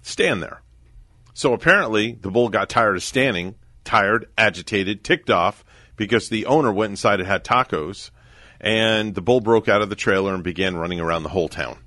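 A man's voice: on the low side, moderate pace, pushed and bright, no echo. A man hosting a casual morning radio show, telling odd news stories with jokes and teasing his co-hosts. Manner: joking storyteller, teasing co-hosts. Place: radio studio.

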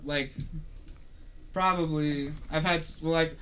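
A man's voice: a little high, steady tone, slow pace, a bit bright, slight background noise. A young man co-hosting a stream, talking casually and rambling with many fillers. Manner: rambling, lots of "like" and "dude". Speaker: streamer co-host. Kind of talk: casual chat.

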